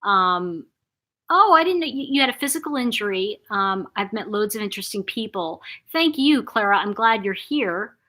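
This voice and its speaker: A chatty woman hosting a live stream, talking straight to her viewers. She is effusive and warm with her audience, often restarting her sentences and filling gaps with little asides. Her pitch sits in a middle register. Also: lively intonation, normal speed. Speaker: host of a live chat channel. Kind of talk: casual live-stream chat reading viewer comments.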